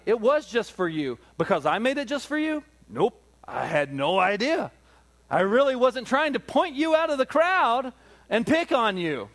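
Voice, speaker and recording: A man with a high voice preaches from the pulpit. He drives his points home by repeating himself. He keeps turning to his listeners with questions. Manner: emphatic, repetitive preaching with rhetorical questions. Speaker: pastor. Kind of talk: sermon.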